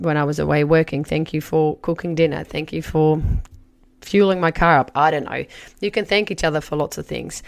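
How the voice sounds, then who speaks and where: A woman in her forties, a life coach, teaching through a personal story in a chatty, animated way. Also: low voice, creaky. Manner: chatty, animated, acts out her own past remarks.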